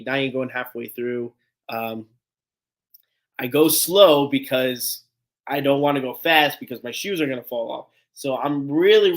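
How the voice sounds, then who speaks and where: Man, live stream host, casual storytelling, animated, rambling, laughs often, casual swearing, mid pitch. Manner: breaks into laughs while telling a story. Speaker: sports fan show host.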